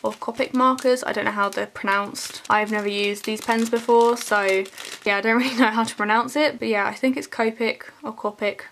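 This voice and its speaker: A woman's voice: mid-range voice, fairly even intonation, fairly quick, a bit bright, a little hiss or hum. A young woman narrating a casual haul vlog, chatty and gushing as she lists items one by one. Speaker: vlogger.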